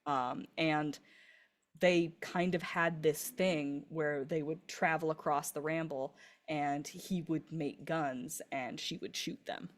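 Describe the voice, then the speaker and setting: A woman narrating as game master of a tabletop game, relaxed and rambling, with many fillers. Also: low voice, takes it slowly.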